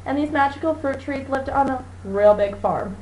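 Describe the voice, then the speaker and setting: Animated young woman riffing on a silly tale, high bouncy voice, faint background hiss. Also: moderate pace, poor audio. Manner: animated, joking, chiming in. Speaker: video co-host. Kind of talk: improvised storytelling.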